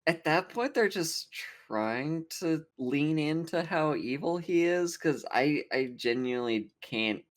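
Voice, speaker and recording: A woman co-hosting a podcast, chatting casually about a film, halting and restarting her sentences, with dry quips. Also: low-pitched, expressive. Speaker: podcast co-host. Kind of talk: casual film-review chat.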